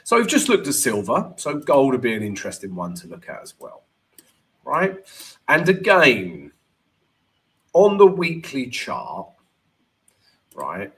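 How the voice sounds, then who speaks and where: A man's voice: mid-range voice, wildly swooping pitch, measured pace, pauses often, fairly bright tone. A man hosting a live trading stream, talking casually and with energy, and often checking in with "right?".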